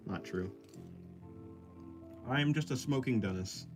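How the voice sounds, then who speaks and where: A man's voice: medium pitch, animated, extremely slow, pauses often, faint music behind. A man livestreaming while he sketches, reading chat aloud and rambling in a self-deprecating way that often breaks into laughs. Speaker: art livestreamer.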